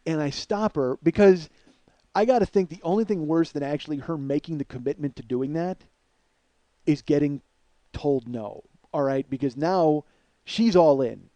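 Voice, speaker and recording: A man with a slightly high voice tells a comic story in a rambling, self-mocking way, with plenty of swearing. The recording is close and dry, with no room sound around him. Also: moderate pace, dark tone, no echo. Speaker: comedian.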